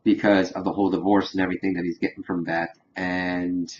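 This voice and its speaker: A man casually recapping a cartoon episode in a rambling way, full of fillers and quick acted quotes. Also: sits low, level tone. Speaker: reviewer. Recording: dull lo-fi home recording with faint hiss.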